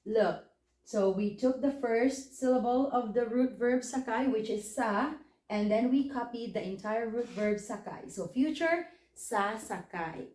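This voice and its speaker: Woman, language teacher, slow and patient, slightly high voice, roomy echo. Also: warm tone. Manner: patient, explains step by step with checking questions. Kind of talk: spoken lesson.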